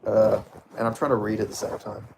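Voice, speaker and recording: A man's voice: on the low side, little pitch movement, brisk, creaky, a little mellow, a little hiss or hum. Mumbling, rambling male streamer. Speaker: livestreamer reading chat. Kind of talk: casual live stream chat. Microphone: phone set down a bit.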